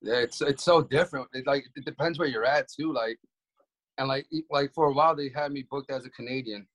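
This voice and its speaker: A man's voice: mid-range voice, a little fast, a bit bright. A man, a wrestler guest in a casual interview, talking in a laid-back slangy way full of "like".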